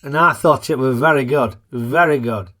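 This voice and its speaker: A man's voice: medium pitch, moderate pace, bright, forceful tone, faint music behind. A man, hosting a casual, jokey film review in a chatty, plain-spoken way.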